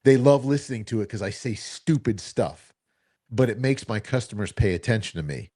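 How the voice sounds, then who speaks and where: A man co-hosting a casual talk show, telling stories with animated acted-out quotes. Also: mid-range voice, moderate pace. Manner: animated, acts out quoted dialogue. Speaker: co-host. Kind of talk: casual storytelling chat.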